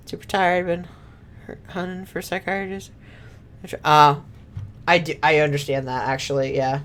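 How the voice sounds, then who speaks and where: A woman's voice: deep voice, fairly even intonation, measured pace, pauses often, fairly bright tone. A young woman streaming a game, giggly and rambling, who swears casually as she comments.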